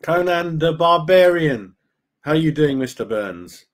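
Fairly high-pitched and animated, a football fan channel host talks a little slowly during a live stream. He keeps things friendly and matey, calling viewers mate and reading out their chat messages along the way.

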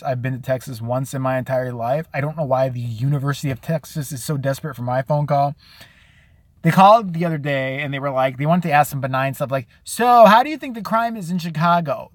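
A man live-streaming a casual rant, profane and sarcastic, who often mimics other people in a high, mocking voice. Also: quick pace, dry recording. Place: out and about, at a store.

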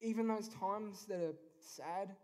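A man's voice: sits high, takes it slowly, a little mellow. A young man giving an earnest, informal personal faith talk at a youth event, with frequent ums. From Australia. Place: event venue.

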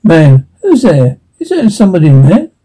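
Man playing an amazed scout, husky, radio play. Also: on the high side, wildly swooping pitch, normal speed, mellow, heavily acted, poor audio. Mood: startled. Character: amazed male explorer in a helmet.

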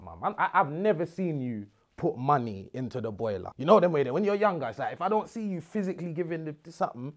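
A man, hosting a comedic monologue to camera, rambling in street slang with stumbles and repeated words. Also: a little high. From United Kingdom. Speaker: host.

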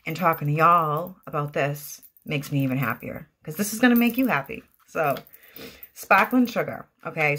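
A woman's voice: deep voice, fairly bright tone. A woman with a Boston accent giving a chatty, enthusiastic product review at home, gushing about each item. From Boston area, US. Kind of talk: casual product review vlog.

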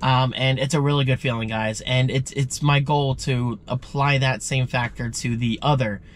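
A man's voice: medium pitch, fairly even intonation, moderate pace. A man vlogging casually, sounding congested and rambling in a chatty, self-deprecating way. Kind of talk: casual vlog chat.

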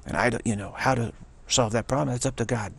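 A man's voice: mid-range voice, quick pace, gravelly, fairly bright tone, slightly rough. A man giving an unscripted spiritual monologue, earnest, repeating his phrases and slipping into imagined exchanges. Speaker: spiritual commentator.

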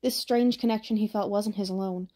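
Reading an audiobook fairly quickly, a woman with a medium-pitched voice keeps her storytelling steady and even.

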